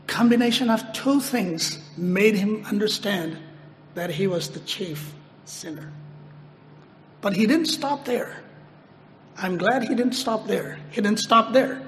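A man delivers a sermon in a high voice, taking his time over each phrase. He repeats his points for emphasis and pushes his voice up when he quotes a prayer. The hall gives a long echo, with faint room noise behind him. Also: slow, fairly bright tone. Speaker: preacher.

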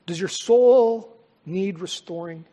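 A man preaching a sermon as pastor, earnest and dynamic, with dramatic pauses and rising swells. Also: high-pitched, dark tone, in a large hall.

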